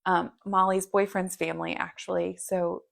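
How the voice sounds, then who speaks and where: A woman's voice: lowish voice, normal speed, vocal fry. A woman in her thirties co-hosting a podcast, telling stories in casual chat with lots of fillers. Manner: animated storytelling with many fillers. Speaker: podcast co-host.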